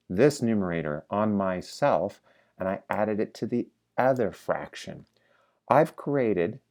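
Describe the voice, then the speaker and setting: Male coding teacher, deep voice, conversational, quizzes the viewer as he types. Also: a little mellow. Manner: chatty, asks the viewer questions and prompts them to answer along. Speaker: programming teacher. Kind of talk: live-coding lecture.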